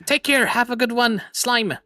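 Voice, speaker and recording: A man hosting a casual livestream chat from a home setup on a boom mic, excitable, swearing and laughing often, with an imitation British accent. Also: moderate pace, dry recording. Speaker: streamer host. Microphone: boom arm microphone.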